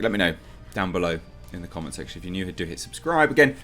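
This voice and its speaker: A man's voice: low-pitched, big pitch swings, fast, sharp tone, faint music behind. A man reviewing a movie trailer in casual reaction commentary, opinionated and rambling as he thinks aloud with frequent ums.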